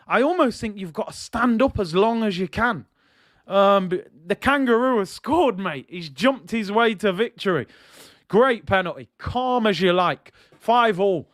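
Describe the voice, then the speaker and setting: A young man with a notably high voice calls a penalty shootout live for his viewers. His delivery is dry and close to the mic, building tension between kicks and bursting into excited shouts when the ball goes in. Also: no room sound. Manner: excitable, shouts and jumps in pitch at each goal, addresses viewers as "people". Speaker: watch-along host commentating on a penalty shootout. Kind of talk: live football commentary.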